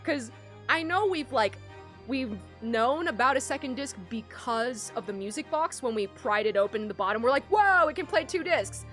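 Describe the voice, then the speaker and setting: A woman's voice: a little high, normal speed, fairly bright tone, faint music behind. A young woman streaming a courtroom game, chatting casually with her chat, giggly and flustered. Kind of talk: casual let's-play commentary.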